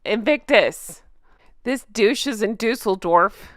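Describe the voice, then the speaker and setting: Woman, vlog host, sarcastic ranting commentary, very animated pitch, dry close sound. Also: slow, dry recording. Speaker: channel host.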